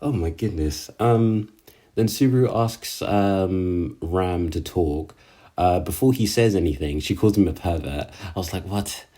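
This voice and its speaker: A man's voice: low voice, unhurried, warm tone. A man recapping an anime episode in a casual, slangy way, often exasperated and full of fillers. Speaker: anime reviewer.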